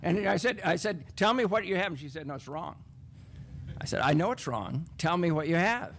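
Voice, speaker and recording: A man speaks on a teaching panel with a fairly high voice that swings widely in pitch. He tells a classroom anecdote and acts out the exchanges. A faint room hum sits underneath. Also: a little fast. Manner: animated, acts out classroom dialogue with raised pitch. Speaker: math professor on a teaching panel. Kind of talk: storytelling panel talk.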